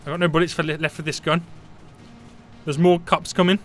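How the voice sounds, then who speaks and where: A man giving live gameplay commentary, panicky and excitable, often repeating short phrases. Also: on the high side, a little fast, faint music behind. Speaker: gaming YouTuber.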